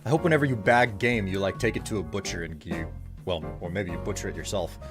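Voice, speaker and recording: A man's voice: deep voice, fast talker, over music. A man streaming a game, chatting casually with his viewers and trailing off with fillers. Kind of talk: casual chat while playing a game.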